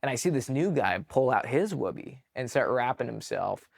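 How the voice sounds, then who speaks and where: Male veteran guest from California: casual, filler-heavy, animated, swears freely. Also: medium pitch, moderate pace, vocal fry. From California, USA. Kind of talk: casual storytelling.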